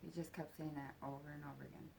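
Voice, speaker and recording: A woman telling a personal story in a halting, soft-spoken way, with casual swearing. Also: low-pitched, level tone, gravelly, slight background noise.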